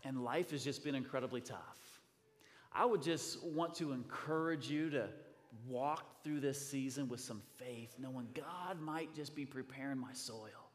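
A male pastor delivers a sermon at a mid pitch, talking casually and warming into fervent, rising preaching. His voice rings with a long reverb from a large church sanctuary. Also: unhurried. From US Midwest. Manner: conversational, then builds to fervent preaching.

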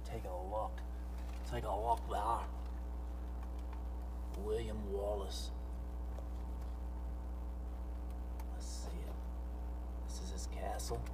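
A pastor doing a mock Scottish warrior. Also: male voice, lowish voice, little pitch movement, takes it slowly, long pauses, long reverb tail, background noise, pitched below the performer's own voice. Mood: hushed awe. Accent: put-on Scottish. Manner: mock-heroic, theatrical, whispering then shouting. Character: man in a bad fake Scottish accent, mock-heroic warrior.

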